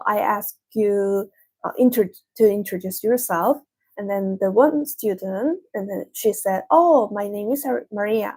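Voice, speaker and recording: A woman who speaks leads a language lesson. Her voice sits a little high and has a husky edge. She explains patiently and goes back over her examples slowly. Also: darkish tone. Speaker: Korean language teacher.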